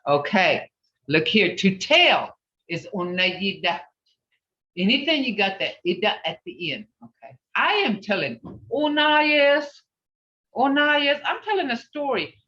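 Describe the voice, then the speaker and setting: Slow, patient older language teacher. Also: mid-range voice, lively intonation, sharp tone, recorded from a distance. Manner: repeats and drills words, chatty asides. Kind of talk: teaching an online language class. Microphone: video call. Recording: roomy, dull video-call audio.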